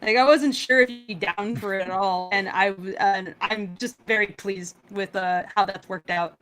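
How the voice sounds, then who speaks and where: A woman's voice: mid-range voice, steady tone, normal speed, a bit bright. A woman hosting a casual group chat on a voice call, rambling and giggling with lots of fillers. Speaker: show host and film director.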